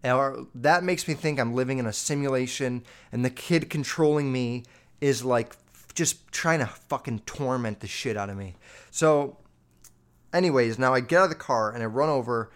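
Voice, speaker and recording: A man's voice: medium pitch, moderate pace, clear, resonant tone. A man telling a story in casual monologue, swearing freely and filling his talk with "like" as he speaks straight to his listeners. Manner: profane, rambling, filler-heavy with constant "like"; animated, addresses listeners directly.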